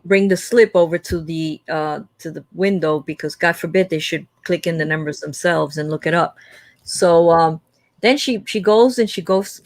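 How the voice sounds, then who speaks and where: A woman co-hosting a livestream, telling a lively story in casual chat and acting out the quoted lines with big jumps in pitch. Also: dry recording. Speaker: livestream co-host.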